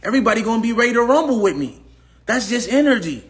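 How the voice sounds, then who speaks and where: Preachy high-voiced man with AAVE. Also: very animated, fast. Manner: preachy, repetitive, asks the audience questions. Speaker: motivational speaker on a livestream. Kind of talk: casual motivational talk.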